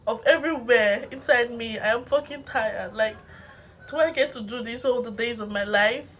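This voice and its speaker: A woman's voice: on the high side, normal speed, fairly bright tone, a little hiss or hum. Woman in her twenties venting rambly. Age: 20s. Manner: rambling, confessional, sometimes childlike. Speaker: vlogger. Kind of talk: casual venting monologue to camera while eating.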